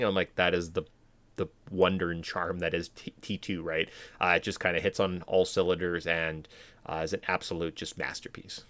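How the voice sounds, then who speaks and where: A man co-hosting a laid-back podcast, talking in a low voice. He rambles, leans on fillers and acts out quick mock quotes. The sound is dry and close, with no room around it. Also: flat delivery, fairly bright tone, no echo. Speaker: podcast co-host. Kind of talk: casual chat.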